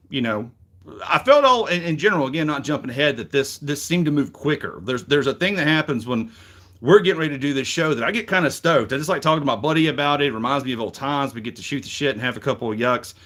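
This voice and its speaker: A man's voice: medium pitch, fairly bright tone. Rambling, cussing Southern man. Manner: rambling, frank, swears freely, many fillers. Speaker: wrestling reaction show host. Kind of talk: casual commentary.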